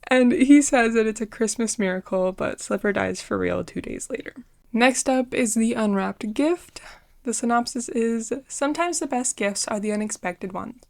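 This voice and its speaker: A woman's voice: mid-range voice, normal speed. A woman giving a casual book review, retelling the story in an earnest, heartfelt way.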